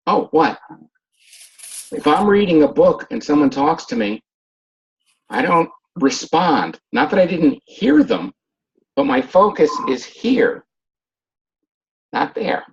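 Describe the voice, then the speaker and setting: A man's voice: on the high side, big pitch swings, slow, creaky, pauses often. Man lecturing over muffled video-call audio. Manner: conversational, acts out patients and family members. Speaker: hearing specialist teaching a class. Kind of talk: informal lecture with acted examples. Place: online video session.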